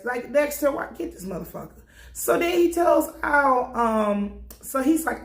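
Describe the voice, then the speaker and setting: A fairly high-voiced woman talks through a TV episode in a loose, profane recap, jumping into the characters' voices as she goes. Her speech is animated and blunt. The room around her rings with a noticeable echo. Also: normal speed, creaky. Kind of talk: casual recap commentary.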